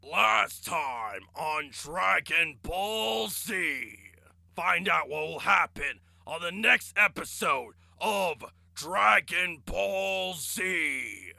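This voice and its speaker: A man plays a dramatic cartoon announcer who drags out each word in a slow, booming call. The voice is bright with a gravelly edge. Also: expressive, no room sound, heavily acted.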